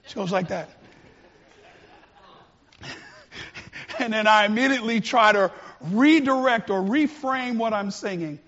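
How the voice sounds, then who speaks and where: A male pastor preaching a sermon with passion, swinging from quiet, earnest words to shouts. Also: sits high, muffled recording.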